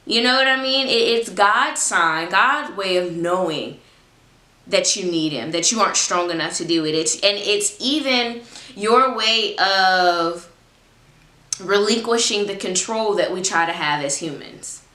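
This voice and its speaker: A woman in her twenties giving a casual, expressive faith talk as a Christian vlogger, chatty and informal. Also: medium pitch, unhurried, roomy sound. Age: 20s. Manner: expressive, acts out her own prayers; informal, chatty, laughs often.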